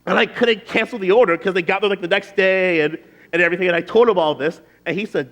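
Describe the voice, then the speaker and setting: Fairly high-voiced, chatty youth pastor man. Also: fast, a bit bright. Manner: chatty and loose, frequent "like" fillers and restarts. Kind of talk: casual storytelling talk to a youth group.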